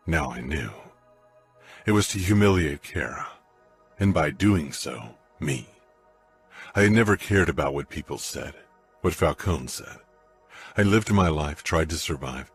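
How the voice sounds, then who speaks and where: Very deep raspy male narrator. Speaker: audiobook narrator. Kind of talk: scripted first-person narration.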